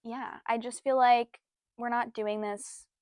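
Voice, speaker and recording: A young woman co-hosting a casual podcast, animated, laughing often and swearing freely. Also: a little high, slow, clean tone, no room sound, studio quality. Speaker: podcast co-host. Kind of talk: casual chat.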